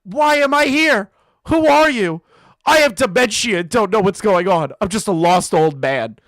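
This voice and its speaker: A confused, frail old man, as a man hams it up, whining high and loud about being lost and picked on. The voice climbs well above the speaker's usual pitch, and the sound is dry. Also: expressive, moderate pace, no room sound. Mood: whiny. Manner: whiny, feigned helplessness.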